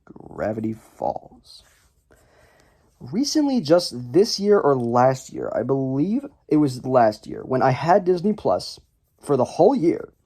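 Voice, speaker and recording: A man's voice: on the high side, darkish tone. A young man hosting a casual video, talking to camera in a rambling, chatty way, full of fillers and restarts, and joking at his own expense. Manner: jokey and self-deprecating. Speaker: YouTube list-video host.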